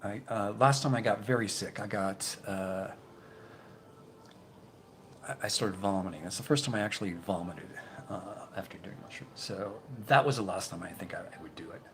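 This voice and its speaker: A man hosting a casual live stream, reading viewer comments and chatting in a rambling, halting way, repeating his words. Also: fairly low pitch, a bit bright, slight background noise. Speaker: YouTube channel host.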